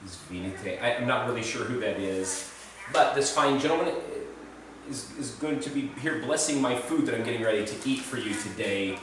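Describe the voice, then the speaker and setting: A man's voice: medium pitch, expressive, moderate pace, a bit bright, recorded from a distance, a little hiss or hum. A man rambling casually in a food vlog, chatty and self-deprecating, recorded in an echoey room away from the mic. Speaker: food vlogger. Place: indoors in Serbia, roomy space.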